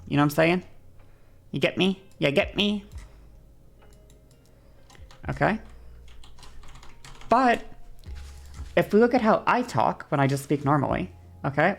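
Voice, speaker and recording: A woman streamer explaining something casually, with a bouncy, varied delivery that speeds up and slows down and swears freely. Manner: bouncy, varied pitch and shifting pace.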